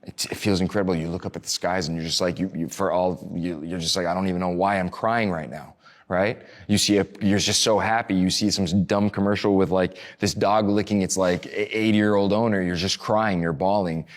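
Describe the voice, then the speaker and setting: A man speaks as a guest in a casual interview. His voice sits quite low and deep. He talks in a loose, rambling way, full of fillers and restarts, with the odd swear word thrown in. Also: level tone, a little fast, few pauses. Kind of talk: casual conversation.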